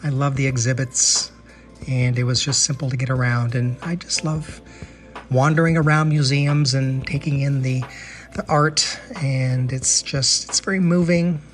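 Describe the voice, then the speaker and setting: American man, mid-pitched, chatty travel podcast host, keen, faint background music. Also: steady tone, unhurried. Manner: chatty, enthusiastic, repeats words while thinking. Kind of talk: casual travel podcast monologue.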